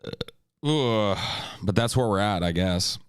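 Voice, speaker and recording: An American man hosts a livestream, chatting casually and reading viewer comments in a crude, profane, sarcastic manner. His deep voice keeps a steady tone, moves fairly quickly, and sounds smooth in a studio-quality recording with no echo.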